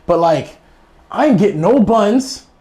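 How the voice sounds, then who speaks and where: A man's voice: sits high, slow. A young man telling a funny personal story in slangy, rambling casual speech, laughing often as he goes. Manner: animated, laughs through the telling. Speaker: guest storyteller.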